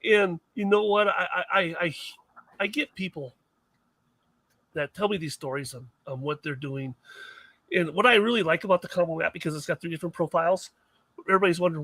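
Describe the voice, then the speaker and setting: Bright high-pitched man rambling through stories. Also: animated, brisk, dry recording. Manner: rambling, self-mocking storyteller with many restarts. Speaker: guest, mining equipment maker. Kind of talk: casual podcast chat.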